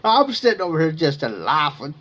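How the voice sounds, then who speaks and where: A man's voice: on the high side, sing-song, fairly quick, a bit bright. A man from Ohio hosting a livestream, telling rambling folksy stories full of slang and chuckling as he goes. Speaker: livestream host. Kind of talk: casual storytelling chat. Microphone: streaming setup microphone.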